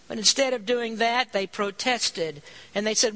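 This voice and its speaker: A man's voice: high-pitched, fairly even intonation, measured pace, bright, forceful tone, poor audio. A man preaching a sermon, earnest, reading scripture aloud and stressing key points.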